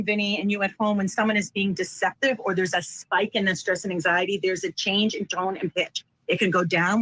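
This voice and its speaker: A woman giving animated, teacherly expert commentary on a news panel as a deception analyst. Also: medium pitch, no room sound, low-quality recording.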